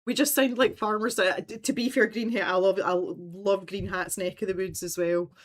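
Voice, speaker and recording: Animated, chatty Scottish woman. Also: medium pitch, normal speed. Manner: animated and chatty, laughs often. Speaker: livestream host. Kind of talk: casual chat.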